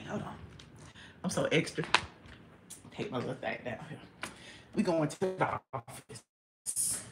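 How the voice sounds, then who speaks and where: A woman's voice: mid-range voice, pushed and bright, echoey room. A woman hosting a casual livestream from her home, chatting with viewers and calling them child and honey. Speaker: YouTube host.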